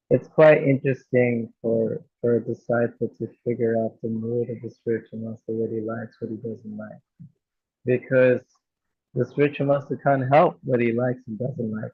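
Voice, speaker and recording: A man from Australia talks in a loose, rambling way, leaning on filler words as he shares a story in a class discussion. His voice is gravelly and husky. The recording is dry and slightly dull. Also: mid-range voice, dry recording. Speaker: devotee sharing experience.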